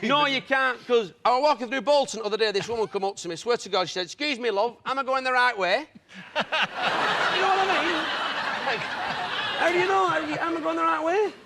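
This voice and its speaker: A man telling animated anecdotes on a chat show, mimicking voices and laughing often. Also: extremely high pitch, normal speed, gravelly, pauses often. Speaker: comedian guest. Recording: studio audience laughter, noisy.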